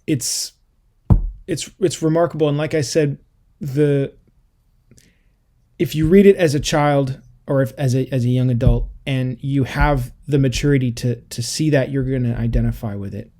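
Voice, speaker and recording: A man's voice: medium pitch, dark tone. A man co-hosting a book podcast, talking thoughtfully with frequent restarts and fillers. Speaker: podcast co-host. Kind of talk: casual book discussion.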